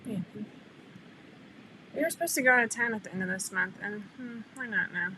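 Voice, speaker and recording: A woman's voice: medium pitch, brisk, sharp tone, slight background noise, low-quality recording. A middle-aged woman hosting a casual livestream, chatty and laughing often as she greets viewers by name over a computer mic. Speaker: livestream host.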